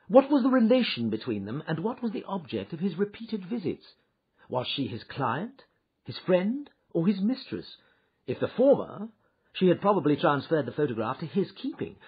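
Man narrating as a wry male detective, audiobook, husky, lively, muffled lo-fi sound. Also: fairly high pitch, full character voice. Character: shrewd male detective recounting his adventure. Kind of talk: audiobook reading. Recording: dull lo-fi recording.

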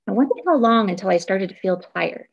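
A woman in her thirties reads her own prose poetry with intensity and vivid detail. Her voice has a steady gravelly fry underneath, at a middle pitch. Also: fairly quick, lo-fi sound. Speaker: reader at a community reading.

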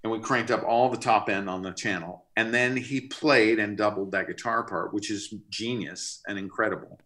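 A middle-aged man, a record producer, telling an animated story in a casual interview. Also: on the low side, normal speed. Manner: animated, expressive, pushes to sudden bursts. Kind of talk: storytelling anecdote in casual conversation.

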